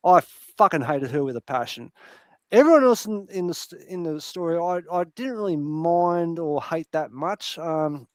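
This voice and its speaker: A man's voice: on the high side, normal speed, no echo. A man in casual chat on a panel show, ranting and swearing freely about TV shows. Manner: heavy swearing, animated rants. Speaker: podcast panel host.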